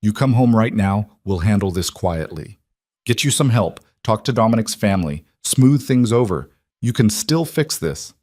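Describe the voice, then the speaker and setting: A man's voice: lowish voice, expressive, moderate pace, a little mellow, dry recording, close to an everyday voice. A man voicing a cold, controlling wealthy mother, with a cutting, disapproving delivery.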